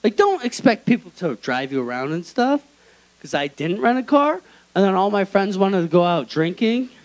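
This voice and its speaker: A man's voice: high-pitched, moderate pace, low-quality recording. A young man doing a stand-up comedy set in a small club, telling a story with lots of energy. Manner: animated storytelling with acted quotes.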